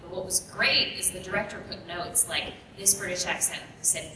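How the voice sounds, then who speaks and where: A woman voice actress chats in an upbeat, rambling way on a convention panel. Her voice carries from a distance through a very echoey room. Room hiss sits clearly under her words. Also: fairly low pitch, normal speed. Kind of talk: casual panel talk. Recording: echoey hall recording from far off. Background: room ambience.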